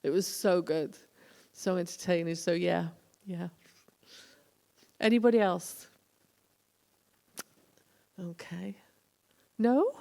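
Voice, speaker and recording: In an echoey college lecture hall, a former tour manager shares road stories in a casual talk, chatting away and acting out the people she quotes. Her voice is fairly low, steady, creaky and dark in tone, and she takes it slowly with long pauses.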